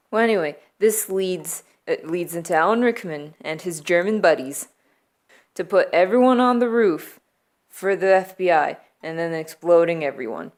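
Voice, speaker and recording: A young adult woman vlogger retelling movie plots from memory in a playful, deadpan way, laughing often. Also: on the low side, normal speed. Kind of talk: comedic movie recap from memory.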